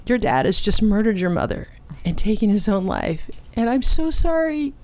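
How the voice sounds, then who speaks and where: Woman doing a distraught grieving woman, choked and tearful, voice pushed up high and loud over her usual low tone. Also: sing-song, moderate pace, a little hiss or hum. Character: sobbing grieving woman, overwhelmed and apologetic.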